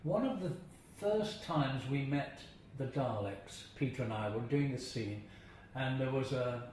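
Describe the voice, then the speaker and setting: A man's voice: mid-range voice, animated, measured pace, darkish tone. An older man being interviewed, telling chatty anecdotes about his acting days, chuckling and now and then imitating voices. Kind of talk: anecdotal reminiscing. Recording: very echoey room, faint hiss.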